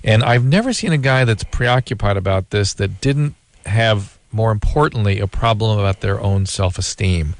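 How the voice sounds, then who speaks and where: A man hosting a call-in advice radio show as the doctor, explaining calmly and laughing now and then. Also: fairly low pitch, moderate pace. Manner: calm, explanatory, laughs often.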